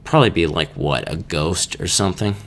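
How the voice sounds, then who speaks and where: A man's voice: sits low, a little fast, fairly bright tone, slight background noise. A young man hosting a casual solo podcast, rambling and joking with laughs between his thoughts. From Kansas. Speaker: podcast host.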